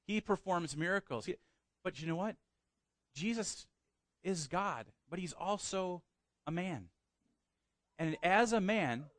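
A man preaching a sermon in a voice a little higher than most men's, recorded close and dry. He reads scripture aloud, then preaches with rising emphasis. He talks to the congregation directly and asks them questions. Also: no room sound. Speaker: pastor.

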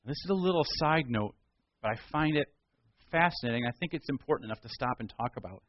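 A man's voice: medium pitch, animated, fast, highs cut off. A male pastor retelling a Bible story in a casual, conversational sermon.

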